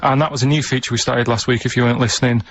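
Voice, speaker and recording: A man who is a regular on a radio show, talking in a deadpan, halting, matter-of-fact way in casual banter. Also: medium pitch, slight background noise. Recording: dull lo-fi radio recording.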